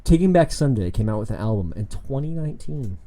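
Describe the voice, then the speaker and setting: A man's voice: medium pitch, animated, fast talker, warm tone. A man who is a tabletop game player, chatting casually and laughing, swearing freely.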